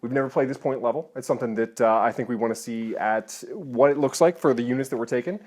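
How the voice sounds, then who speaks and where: A man's voice: medium pitch, quick pace, darkish tone. A man co-hosting a casual tabletop game video in a basement, explaining things in a matter-of-fact way. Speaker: co-host.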